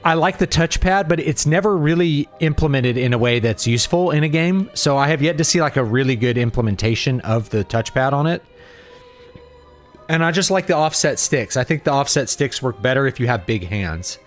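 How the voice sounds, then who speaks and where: A man's voice: mid-range voice, lively intonation, fairly quick, faint music behind. Rambling man chatting on a gaming stream. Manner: rambling, thinks aloud, trails off often. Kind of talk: casual gaming livestream chat.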